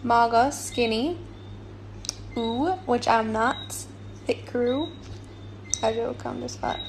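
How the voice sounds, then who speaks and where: A woman's voice: fairly high pitch, fairly even intonation, slow pace, creaky, a little hiss or hum. A woman explaining patois words one by one.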